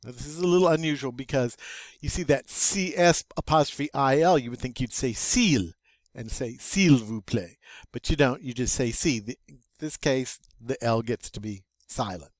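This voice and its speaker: An older man teaching a French vocabulary review, slow and patient, with wry self-deprecating asides. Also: mid-range voice, no room sound.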